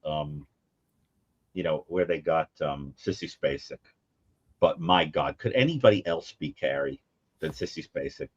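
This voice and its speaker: A man's voice: a little slow, pauses often, slightly rough, no room sound, lo-fi sound. A man co-hosting a call-in show, chatting casually and telling stories with lots of acted-out quotes. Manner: animated storyteller, acts out quotes in high mimicking voices. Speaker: co-host. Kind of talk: casual call-in show chat about horror films.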